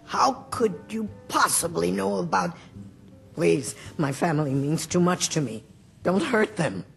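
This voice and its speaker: Raspy lizard innkeeper woman. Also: on the high side, big pitch swings, unhurried, fairly bright tone, full character voice. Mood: pleading. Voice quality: raspy, gravelly old-sounding voice. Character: scaly female lizard innkeeper, wary and defiant. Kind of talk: video game character dialogue. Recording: game audio with faint music.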